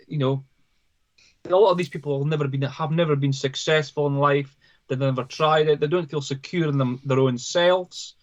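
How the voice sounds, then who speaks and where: A man's voice: on the high side, muffled recording. A man, a psychologist guest, telling stories in casual conversation, often restarting and repeating his words. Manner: halting, repeats words, storytelling.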